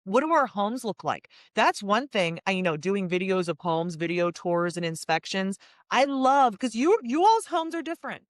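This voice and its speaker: A woman's voice: mid-range voice, normal speed, no echo. American woman, interview host, chatty, dry close mic. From United States. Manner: candid, talkative, animated storytelling. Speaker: host, real estate business owner. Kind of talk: video interview.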